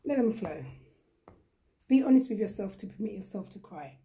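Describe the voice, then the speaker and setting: A woman's voice: medium pitch, lively intonation, moderate pace, warm tone. A middle-aged woman hosting a reflective live-stream talk, speaking earnestly and repeating phrases for emphasis. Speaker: host.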